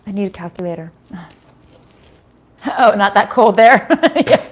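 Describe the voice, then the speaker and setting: A woman's voice: mid-range voice, a little fast, fairly bright tone. Middle-aged lady chatting thru a live tarot reading at home, talky and loose, swears a bit. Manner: chatty, swears, laughs, often reads live chat. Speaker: tarot reader doing a live stream. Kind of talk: casual live-stream chat and reading.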